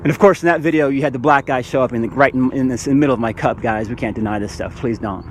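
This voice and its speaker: Man of medium pitch, fired-up preachy vlogger who rambles and restarts, keeps saying "guys". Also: fast, a little hiss or hum. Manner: addresses viewers as "guys". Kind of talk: spiritual monologue to camera.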